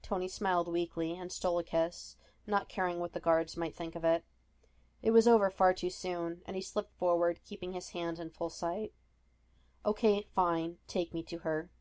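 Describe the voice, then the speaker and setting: Lady reading a fanfic podcast, steady and measured, voice on the low side. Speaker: podfic reader. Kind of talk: reading fiction aloud.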